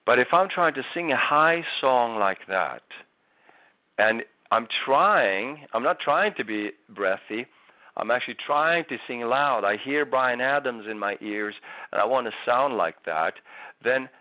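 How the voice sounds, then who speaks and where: A man's voice: medium pitch, animated, a little slow, no echo. A man giving a singing lesson, patiently explaining vocal technique with frequent restarts. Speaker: singing teacher. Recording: tinny phone-like audio.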